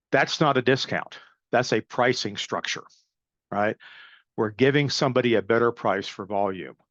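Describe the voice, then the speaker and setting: A man's voice: mid-range voice, no echo, muffled recording. Blunt, emphatic man coaching a webinar. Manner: emphatic, coaching, blunt with frequent "right?" and "okay?". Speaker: sales and pricing consultant presenting a webinar. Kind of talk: webinar presentation.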